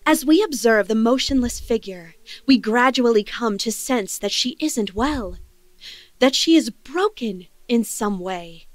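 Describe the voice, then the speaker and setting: An eerie, clinical narrator in a game, describing in a measured, detached way. Her voice sits a little high. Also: expressive, dry recording.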